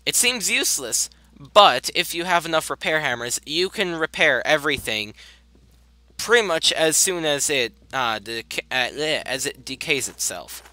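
A man's voice: fairly high pitch, animated, normal speed, pushed and bright, no echo. A young man casually commentating his gameplay, rambling, easily sidetracked and apologizing often. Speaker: gaming video host. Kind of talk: casual let's-play commentary.

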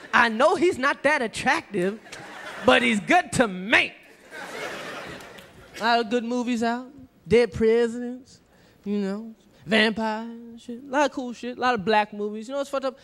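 A man's voice: very high-pitched, fairly bright tone, slight background noise. A man doing a brash, profane stand-up routine on a club stage. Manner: brash, profane, rapid-fire. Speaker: stand-up comedian.

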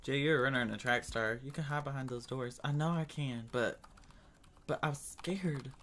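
A man's voice: mid-range voice, moderate pace, fairly bright tone, a little hiss or hum. A man giving casual, dramatic gaming commentary, chatting to his viewers as y'all and breaking into screams when scared. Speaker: gaming streamer.

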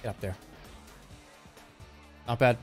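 A man's voice: slow, faint music behind. A man in his thirties giving casual, jokey gameplay commentary as a streamer, often sounding incredulous.

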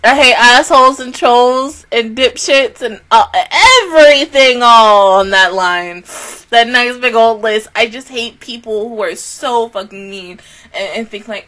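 A young woman reacting to an anime on her channel, ranting casually and animatedly, swearing freely and slipping into quick mocking voices of other people. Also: fairly high pitch, a bit bright.

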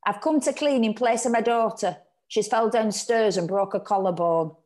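A woman voicing a blunt, bossy older working-class grandmother who shouts and insists. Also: mid-range voice, normal speed, voice pushed up, lightly acted. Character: aging working-class mother, loud, scornful, bossy.

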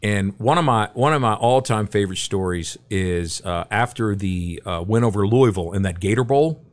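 Middle-aged man telling a lively anecdote. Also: lowish voice, normal speed. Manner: animated, acts out quotes. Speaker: podcast guest. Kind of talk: casual anecdotal storytelling.

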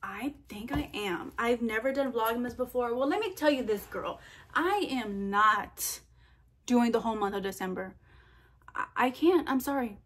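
A young woman answering viewer questions in a casual vlog, chatty and animated, full of fillers and quoted asides. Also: a little high, moderate pace, breathy edge. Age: young adult. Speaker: vlogger.

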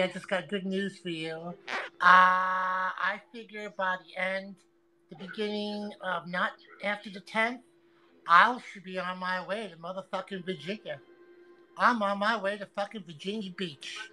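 A woman livestreaming an angry, profane rant, taunting and repeating herself with loud outbursts. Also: medium pitch, fairly even intonation, a little slow, faint music behind, low-quality recording.

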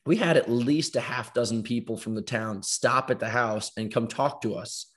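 A man in his thirties telling stories in casual chat as podcast host, animated, acting out other people's voices and swearing freely. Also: mid-range voice, normal speed.

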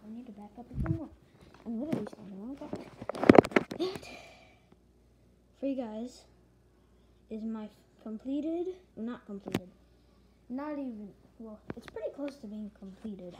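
A woman rambling casually through a show-and-tell vlog at home, often correcting herself as she talks. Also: a little high. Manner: rambling, chatty, self-correcting. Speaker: collector showing plush toys. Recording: loud background noise with clicks.

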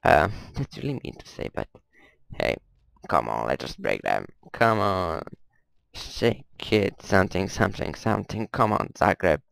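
Male gameplay commentator, low and gravelly, rambling casual delivery, dry close mic. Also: lively intonation, a little slow, a bit bright, no room sound, poor audio. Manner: rambling, muttering, swears at the game. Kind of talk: casual let's-play commentary.

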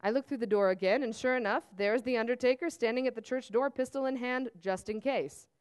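A woman from Serbia, an author, reading her novel aloud in a measured, steady first-person narration at a museum auditorium. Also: on the high side.

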